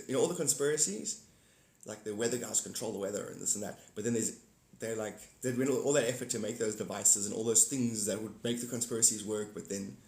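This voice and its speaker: In an echoey room, this South African livestream host, a man in his forties, speaks in a lowish, gravelly, darkish voice. He rambles through a casual chat, repeating himself and welcoming viewers by name.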